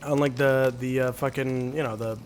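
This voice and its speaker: A man's voice: medium pitch, fairly even intonation, moderate pace, a little hiss or hum. A young man hosting a podcast, chatting loosely with lots of swearing and ums, then reading out listener stories. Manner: loose and profane, trails off with ums. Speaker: podcast host.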